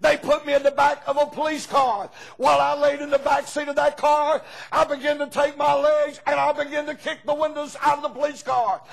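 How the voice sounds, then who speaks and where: A man preaching a fervent sermon as pastor, breaking into shouts and calling on the congregation for amens. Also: extremely high pitch, level tone, a little fast, vocal fry, hardly any pauses, low-quality recording.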